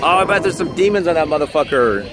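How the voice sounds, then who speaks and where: A man's voice: a little high, animated, fast talker, over music. A man filming a storm on a handheld camera, making crude jokes as he rambles. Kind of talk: casual on-camera chat. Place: outdoors then a basement. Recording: noisy outdoor phone video, wind.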